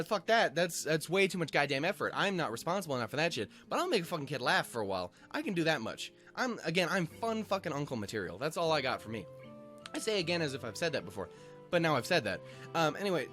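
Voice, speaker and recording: Young male host, slightly high voice, profane self-mocking storyteller, faint music in background. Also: a bit bright. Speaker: host reading a visual novel. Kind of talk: casual rambling storytelling.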